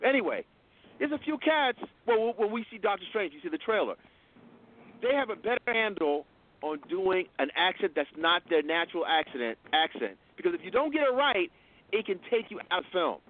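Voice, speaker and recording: Man, radio host, high voice, insistent, call-in talk, tinny phone-like sound. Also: very animated, moderate pace. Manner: insistent, talks over interruptions. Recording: phone-like lo-fi line.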